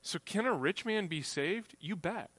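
Bright-voiced male preacher, dry close sound. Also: high-pitched, animated, unhurried, dry recording. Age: adult, grew up on a farm family. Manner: conversational preaching, acts out quoted voices. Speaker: pastor. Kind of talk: sermon.

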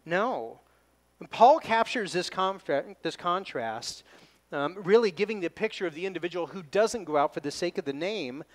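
A pastor preaching an expository sermon, leaning hard on key words and slowing down when he reads scripture. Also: high voice. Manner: emphatic, slows down to stress scripture readings.

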